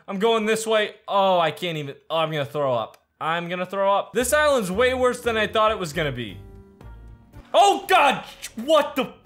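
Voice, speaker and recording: A man with a high, very lively voice gives jumpy let's-play commentary, shifting between hushed worry and sudden panicked shouts. Faint game music plays behind him. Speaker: gaming YouTuber.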